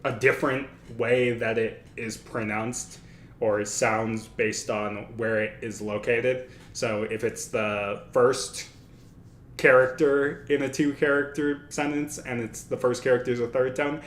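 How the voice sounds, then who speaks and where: A man's voice: medium pitch, fairly even intonation, a little slow, a bit bright. A man hosting a casual study livestream, thinking aloud and correcting himself as he talks. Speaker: livestream host. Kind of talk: casual study-stream talk. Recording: echoey room with faint noise.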